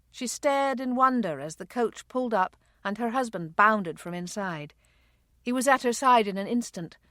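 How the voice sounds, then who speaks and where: A woman narrating a romance audiobook in a measured, unhurried way. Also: fairly high pitch, fairly bright tone, no echo, studio quality. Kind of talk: scripted narration.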